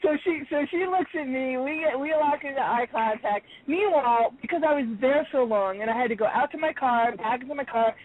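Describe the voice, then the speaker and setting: A woman caller telling a story in a casual, animated way, acting out the dialogue and laughing often. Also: high voice, no room sound. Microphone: phone. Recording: tinny phone line.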